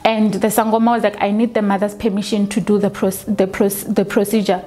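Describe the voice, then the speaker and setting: Young woman telling her story, slow and halting, keeps restarting. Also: mid-range voice, flat delivery, dark tone. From South Africa. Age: 20s. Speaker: documentary interviewee. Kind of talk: personal testimony.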